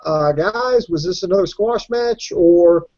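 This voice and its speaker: Man podcast host, warm mellow tone, keeps things moving; muffled lo-fi recording. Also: high-pitched, a little slow. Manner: steady, moderating, asks questions. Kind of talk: hosting a wrestling review podcast. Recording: dull lo-fi podcast audio.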